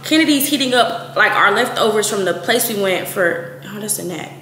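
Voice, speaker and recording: 20s woman vlogging a storytime, blunt and animated, bright tone, roomy echo. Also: mid-range voice, moderate pace. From Texas. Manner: blunt, profane, animated retelling with quoted voices. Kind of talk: casual storytime. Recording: echoey room, faint noise.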